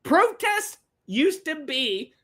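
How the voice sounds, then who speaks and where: A woman's voice: high voice, sing-song, takes it slowly, pushed and bright. A woman hosting a livestream podcast, ranting with lots of swearing and repetition. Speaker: podcast host.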